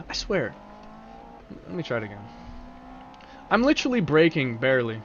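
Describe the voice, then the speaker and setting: A man's voice: medium pitch, sing-song, moderate pace, long pauses, lo-fi sound, very noisy. Man chatting on stream with a sore throat. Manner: rambling, casual, swears freely. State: sore throat, speaking carefully. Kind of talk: casual live-stream chat while gaming.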